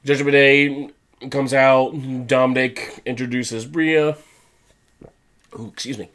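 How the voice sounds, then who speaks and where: Stuffed up with a head cold, a man co-hosts a casual podcast, rambling through the week's recap and quickly, mockingly paraphrasing wrestlers. His voice is mid-range, steady and a bit bright.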